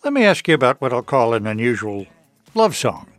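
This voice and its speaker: Expressive male radio host. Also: mid-range voice, a little fast, soft background music. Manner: playful, expressive questioning. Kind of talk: broadcast interview.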